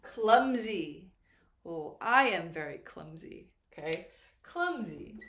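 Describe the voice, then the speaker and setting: A woman teaching an English lesson at a whiteboard, slowly and patiently, repeating the key words. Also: fairly low pitch, lively intonation, a bit bright, a little hiss or hum. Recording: echoey room.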